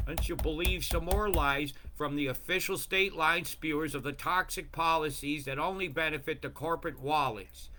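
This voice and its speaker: A man giving a rambling, profane commentary over weather maps, swinging between mumbled asides and loud rants. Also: on the high side, fairly quick, a little hiss or hum. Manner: profane, ranting, jumps between mumbling and bursts.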